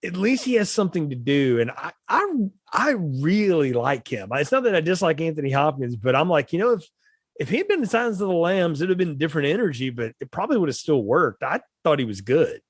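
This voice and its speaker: A man co-hosting a film podcast, chatting casually and animatedly with a voice pitched a bit higher than most men's. His pitch swings widely and he laughs often. The sound is dry and close, with no room in it. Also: big pitch swings, a little fast, slightly rough, no room sound. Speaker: podcast co-host.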